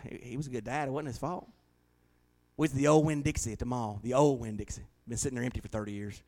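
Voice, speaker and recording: A middle-aged man preaching a sermon, telling folksy stories that swing from hushed to loud. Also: medium pitch. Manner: folksy storytelling, shifting from hushed to shouting. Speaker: pastor.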